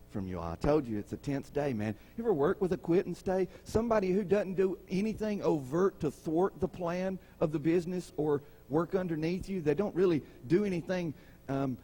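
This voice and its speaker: Guy preaching a sermon, kinda husky, mellow tone, chatty, puts on voices for the story people. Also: a little high. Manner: animated, acts out voices of people in the stories; conversational, asks the congregation questions. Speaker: pastor.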